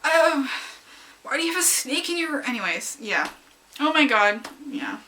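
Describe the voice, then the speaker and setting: Omg giggly young woman rambling about a story she loves, bright voice, keeps squealing. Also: sits high, measured pace, slight background noise. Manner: excitable and giggly, squeals when quoting her own reactions. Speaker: fanfic reviewer. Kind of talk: casual rambling review.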